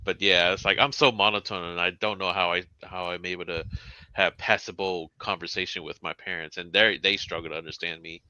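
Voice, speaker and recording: Co-host, man, very deep with a hard edge, deadpan monotone, dull dry sound. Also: fairly quick. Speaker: podcast co-host. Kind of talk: casual chat.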